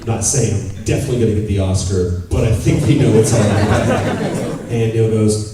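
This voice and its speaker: A man's voice: lowish voice, a little fast, recorded from a distance, heavy background noise. A man in his thirties at a convention Q&A, telling candid stories, swearing freely and acting out what people said. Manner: animated, candid storyteller who swears and acts out quotes. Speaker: convention panel guest. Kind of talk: audience Q&A storytelling. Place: large convention hall. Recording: echoey hall taped from the audience.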